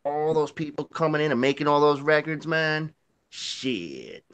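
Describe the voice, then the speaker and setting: A man chatting loosely on a podcast, his voice sitting a little high for a man. He is laid-back and profane, laughs often, and the sound is close and dry with no room around it. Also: completely flat delivery, fairly quick, a bit bright, smooth, no room sound. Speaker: podcast co-host. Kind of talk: casual chat.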